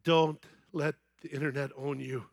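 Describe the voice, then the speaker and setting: A middle-aged man giving an evangelistic sermon on a festival main stage, telling a story that builds to excited shouting. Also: fairly high pitch, moderate pace, creaky, no echo. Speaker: festival speaker.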